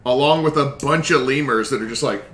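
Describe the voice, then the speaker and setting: Bright-voiced man running a tabletop game. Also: mid-range voice, fairly quick. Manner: casual, descriptive storyteller. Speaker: game master. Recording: echoey room with faint noise.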